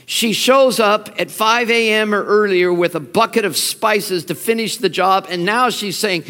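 A man's voice: sits high, unhurried, few pauses. A man preaching a sermon, telling the story with feeling and acting out the quoted lines. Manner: animated storytelling, acts out quotes, laughs. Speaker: pastor. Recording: long reverb of a large hall.

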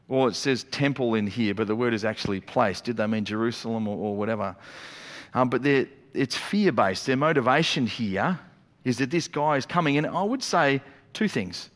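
A man preaching a sermon as a pastor, telling the story in a lively way with quick acted-out asides. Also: mid-range voice. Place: church auditorium. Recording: long reverb of a church hall.

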